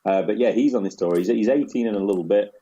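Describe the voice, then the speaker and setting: A man hosting a casual cricket podcast, chatty and quick to laugh as he rolls through match scores. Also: fairly low pitch, warm tone, breathy edge, dull audio. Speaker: podcast host.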